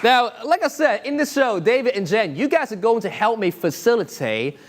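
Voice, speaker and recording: A man's voice: very high voice, sing-song, normal speed, some chatter behind. A man performing an interactive online magic show, full of upbeat showman patter and frequent chuckles.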